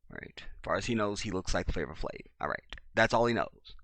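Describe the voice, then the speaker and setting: Man, casual monologue, acts out dialogue, bright forceful tone, dry close sound. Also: lowish voice, dry recording. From Chicago, USA. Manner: animated storyteller, acts out dialogue, swings loud and soft. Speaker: video blogger.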